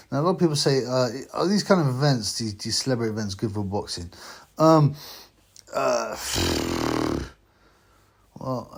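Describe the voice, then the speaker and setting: A man vlogging about boxing in a casual, rambling way, slightly drunk and slow, with many fillers. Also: mid-range voice, breathy edge. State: tipsy from drinking.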